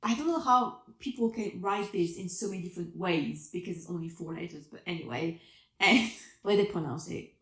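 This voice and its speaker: A woman's voice: fairly low pitch, a little fast, gravelly, a bit bright, echoey room. A French woman from Alsace hosting a podcast, chatting casually about a memoir, laughing often and restarting her sentences. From Alsace, France. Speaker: podcast host. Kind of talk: casual chat about a book.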